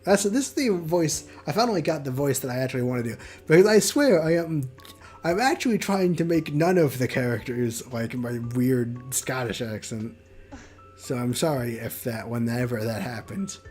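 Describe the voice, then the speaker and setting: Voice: mid-range voice, normal speed, darkish tone. A game streamer chatting casually while playing a visual novel, thinking aloud and poking fun at their own character voices. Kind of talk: casual let's-play commentary. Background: faint game music.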